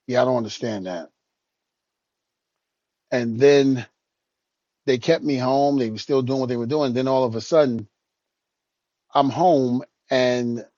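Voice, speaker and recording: A man talks through a long story in a relaxed, conversational way and drops his voice to act out what others told him. The sound is dull and a little muffled, with no room echo at all. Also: mid-range voice. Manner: relaxed storytelling, acts out others' lines in a quieter voice. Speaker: podcast co-host, retired wrestler. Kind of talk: casual storytelling.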